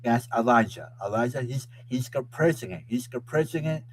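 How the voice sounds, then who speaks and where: A man's voice: medium pitch, moderate pace, a little hiss or hum, low-quality recording. Stammering man hosting a live web show. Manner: restarts and repeats phrases often; bursts into loud excited sports chants. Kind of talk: casual live-stream chat.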